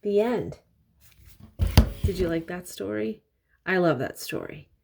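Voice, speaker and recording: An older woman reading a bedtime picture book aloud to her grandchildren in a gentle, soothing way. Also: on the low side, animated, takes it slowly, gravelly, background noise. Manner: gentle, soothing, playful animal sounds.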